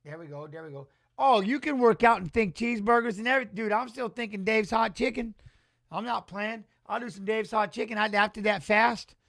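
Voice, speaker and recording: Excitable high-voiced man streaming fight commentary. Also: brisk, creaky, no echo, clean studio sound. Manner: excitable, rambling, talks back to chat. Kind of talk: live-stream watch-along commentary.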